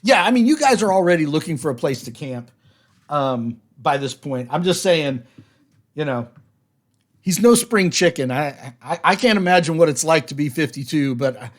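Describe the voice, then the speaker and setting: A man narrating as game master of a tabletop game, slow and hesitant with many fillers. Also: a little high, expressive.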